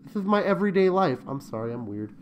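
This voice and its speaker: A man's voice: a little high, sing-song, quick pace, dull audio, a little hiss or hum. A man hosting a casual online interview, joking around and breaking into sung lines. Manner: playful, joking, bursts into sung lines and laughter. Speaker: host. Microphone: remote call.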